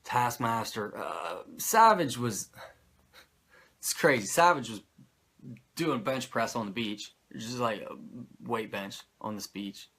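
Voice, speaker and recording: A man hosting a podcast, recapping a show in animated, profane, sarcastic casual chat. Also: medium pitch, slow pace, pauses often, husky. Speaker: podcast host recapping wrestling.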